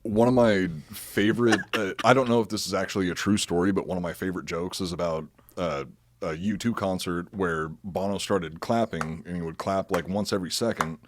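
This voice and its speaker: Deep-voiced man, profane podcast host. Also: steady tone, fairly quick. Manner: profane, joking, mixes script with asides. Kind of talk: casual podcast chat, reading from notes.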